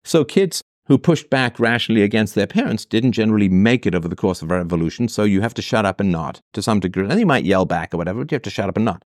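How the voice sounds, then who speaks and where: A man's voice: fairly low pitch, animated, fast, few pauses, dry recording, clean studio sound. A man hosting an advice show, answering a listener's letter in a blunt, sarcastic, profane monologue.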